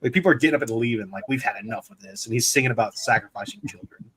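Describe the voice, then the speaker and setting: A man's voice: medium pitch, very fast, a bit bright. A man in casual chat among friends, laughing often and peppering his talk with "dude" and "like".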